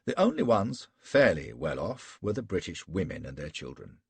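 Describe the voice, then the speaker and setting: A man's voice: low voice, wildly swooping pitch, normal speed, vocal fry, darkish tone, breathy edge, no room sound. A man narrating an audiobook in the first person, in a wry, sardonic storytelling manner.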